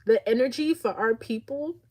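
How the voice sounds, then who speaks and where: A woman's voice: fairly high pitch, normal speed. A woman psychic reader speaks through tears as she channels a spiritual message. Her talk is heartfelt and loose, full of fillers and false starts, and nervous laughter keeps slipping through. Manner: heartfelt, rambling with many fillers and restarts. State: teary, emotional. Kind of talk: channeled spiritual reading monologue.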